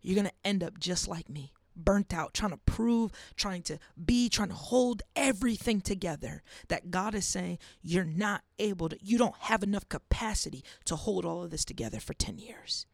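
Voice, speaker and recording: A woman hosting a faith podcast, preaching earnestly and dropping to a hush for emphasis. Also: medium pitch, animated, moderate pace, gravelly, few pauses, no room sound, clean studio sound. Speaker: podcast host. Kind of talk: faith-based podcast monologue.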